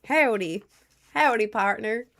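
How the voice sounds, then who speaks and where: A woman's voice: on the high side, gravelly, fairly bright tone, heavily acted. Woman putting on a drawling Southern cowboy man. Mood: folksy. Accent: put-on Southern US. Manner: slow folksy drawl.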